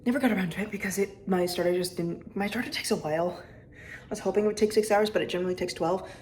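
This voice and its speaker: A woman's voice: mid-range voice, fast, a little mellow, a little hiss or hum. A young woman chatting casually to camera in a rambling, self-deprecating way while she goes about her day at home. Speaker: vlogger. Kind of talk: casual vlog chat.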